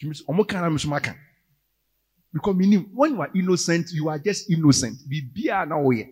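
A man with a Ghanaian accent preaching a sermon, moving between English and Twi and rising to loud, emphatic calls. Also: a little high, expressive, fast, breathy edge, long reverb tail. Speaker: pastor.

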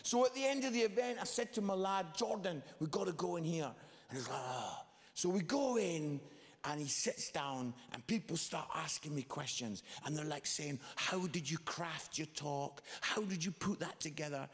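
A man's voice: a little high, moderate pace. A man preaching a sermon to a room of students, telling funny stories and acting out the voices in them. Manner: animated, acts out voices in his stories. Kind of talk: sermon with comic storytelling. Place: large hall. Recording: long hall reverb.

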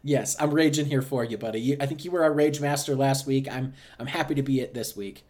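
A man's voice: mid-range voice, fairly quick, darkish tone. A man co-hosting a podcast, ranting animatedly with plenty of swearing. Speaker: podcast co-host. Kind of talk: casual podcast chat.

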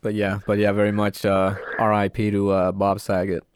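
A young man in relaxed podcast chat, his voice sitting fairly low and dry with no room sound. He tells stories in an animated way, slipping into quoted voices and stacking up fillers. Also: moderate pace, smooth, no echo. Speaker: podcast co-host. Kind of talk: casual chat.

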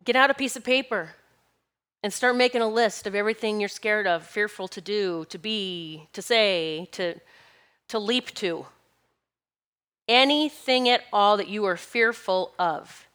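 A woman's voice: mid-range voice, unhurried, fairly bright tone, smooth. A middle-aged woman giving an earnest, encouraging spiritual talk with emphatic, repeated phrases. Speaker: spiritual teacher.

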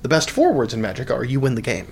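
A man's voice: medium pitch, fast, a little hiss or hum. A man co-hosting a podcast in a casual, joking chat, often restarting his sentences. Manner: animated, joking, with many restarts. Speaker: podcast co-host.

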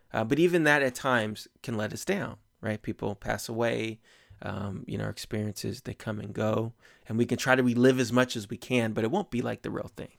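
A man's voice: medium pitch, gravelly, no room sound, clean studio sound. A man giving an informal sermon and reading scripture aloud, talking conversationally with lots of fillers and repeated words. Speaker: preacher.

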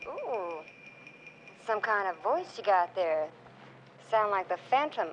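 A woman's voice: medium pitch, big pitch swings, slow pace, dull audio, a little hiss or hum. An actress playing a brassy, upbeat female TV show host taking calls in a film scene. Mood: sassy. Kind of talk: film acting. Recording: film soundtrack with music behind.

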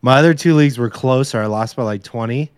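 A man's voice: medium pitch, fast talker, clear, resonant tone, no echo, studio quality. A young man, co-host of a podcast, chatting bluntly and casually about sports and his weekend, swearing freely.

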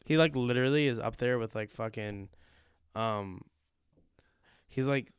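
A young man with a medium-pitched voice chats casually, rambling and trailing off into filler words. The sound is dry and close-miked. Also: unhurried, clear, resonant tone, no room sound. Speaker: podcast co-host. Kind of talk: crude casual chat.

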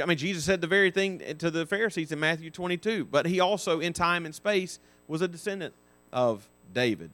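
A man's voice: mid-range voice, a bit bright. A man teaching a Sunday school class, explaining Bible verses with frequent restarts and self-corrections.

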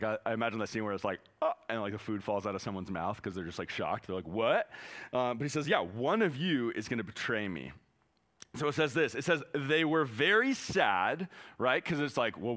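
A man's voice: mid-range voice, fairly bright tone. A young man preaching a casual sermon, conversational and joking, acting out quotes in the story. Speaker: youth pastor.

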